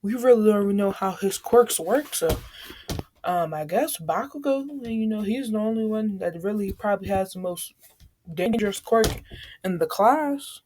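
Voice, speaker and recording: A woman's voice: medium pitch, lively intonation, normal speed, mellow, slight background noise, lightly acted. A woman voicing a bunch of chatty, easygoing teenage classmates talking in slang. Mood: placating. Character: gossipy teen classmates, easygoing.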